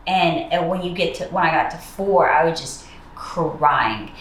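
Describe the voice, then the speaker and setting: A woman telling a personal story in casual chat, relaxed and full of fillers. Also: sits low, measured pace, reverberant, slight background noise. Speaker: co-host.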